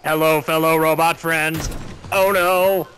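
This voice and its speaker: A man putting on a slow, stiff robot voice, posing as a friendly robot. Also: on the high side, level tone, fairly bright tone, slight background noise, pitched above the performer's own voice. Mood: mock robotic.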